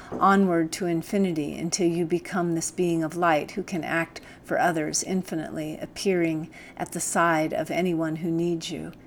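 A woman narrating an audiobook in a calm, measured, gently instructive way. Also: on the low side, slight background noise.

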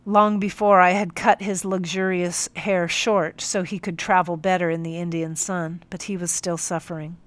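A woman reads a first-person audiobook in a calm, measured way. Her voice is a little low for a woman, and the recording is close and completely dry, with no room sound at all. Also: no room sound. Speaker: audiobook narrator.

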